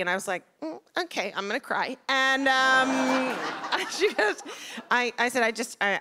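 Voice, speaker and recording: A middle-aged woman doing stand-up comedy on stage, her voice a bit high and her jokes punchy and self-deprecating. The live room is busy with audience laughter and steady noise around her. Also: measured pace. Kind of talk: stand-up set. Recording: live show with loud crowd and noise.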